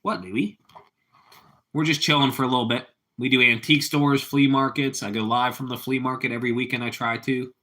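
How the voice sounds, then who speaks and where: A man hosting a relaxed live stream, talking in a loose, rambling way to his audience. His voice has a bright, forward edge at an ordinary pitch. He drifts easily from one small remark to the next. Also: a little fast. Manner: relaxed, rambling, chats with viewers and his cat. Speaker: livestream host. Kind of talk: casual live-stream chat.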